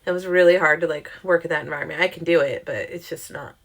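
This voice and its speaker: Young woman, casual storyteller, bright tone, animated and foul-mouthed. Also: fast, creaky. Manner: chatty, animated, swears freely, quotes herself in pitched-up voices. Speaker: storyteller vlogger.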